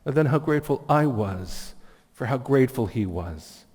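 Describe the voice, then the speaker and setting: A man's voice: medium pitch, animated, normal speed, a little mellow, breathy edge, big-room sound. A man giving a heartfelt, inspirational speech with personal stories as guest speaker at a community meeting. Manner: heartfelt, earnest storytelling. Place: community event hall.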